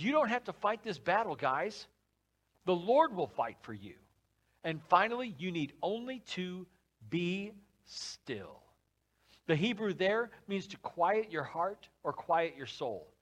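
Delivering his sermon, this male pastor keeps things lively and conversational. He performs the words of scripture as if quoting characters, and he lowers his voice when he wants to stress a point.

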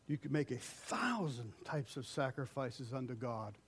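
An older man preaching a conversational sermon as pastor, acting out quoted voices and swinging between loud calls and hushed lines. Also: mid-range voice, very animated, measured pace, husky.

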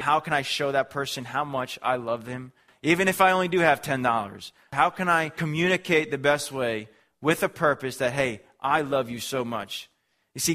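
Pastor, male, mid-pitched voice, earnest emphatic sermon delivery with repetition. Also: sharp tone.

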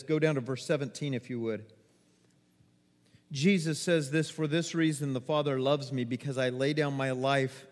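A man preaching a sermon as a pastor, telling a personal story with animated delivery, acting out quotes and laughing at himself. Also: a little high, long reverb tail.

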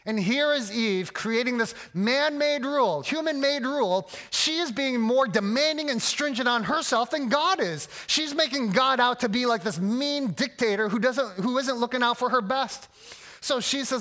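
A male pastor delivering a sermon in a noticeably high voice. He talks in an earnest, emphatic way and often stumbles and restarts his phrases. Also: expressive, unhurried, pushed and bright.

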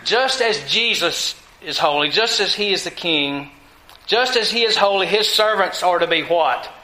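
A man preaching a sermon to a congregation, with deliberate emphasis and frequent rhetorical questions. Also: sits high, animated, sharp tone, roomy sound, low-quality recording.

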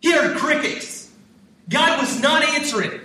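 A man's voice: very high-pitched, lively intonation, a little slow, sharp tone. An American man preaching a sermon, impassioned, acting out prayers and God's reply. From United States. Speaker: pastor. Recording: echoey hall, mic from a distance.

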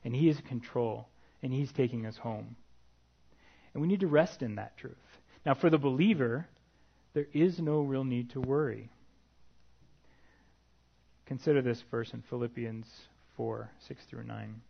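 Man, preacher, earnest, sermon, middle pitch, muffled lo-fi sound. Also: unhurried, creaky, long pauses, breathy edge. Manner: earnest, reads scripture aloud, light asides.

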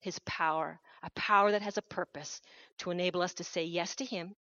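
A woman's voice: on the low side, fairly even intonation, a little fast, fairly bright tone, dry recording. A woman preaches a missionary sermon with an earnest, urgent push, circling back on her key phrases. Her voice sits mid-range and is picked up close and dry, with a somewhat dull, muffled tone. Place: church hall.

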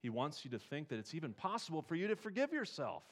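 A man preaching a sermon in a conversational way, asking the congregation rhetorical questions and building to emphatic high points. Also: sing-song, fast. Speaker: pastor.

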